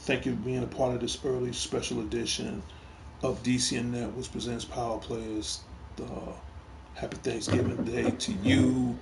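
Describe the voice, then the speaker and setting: A middle-aged host of a gaming talk show, his voice mid-range, gravelly and darkish in tone, gets heated with a troll on a casual live stream. He repeats himself and speaks with emphasis, and a little background noise can be heard.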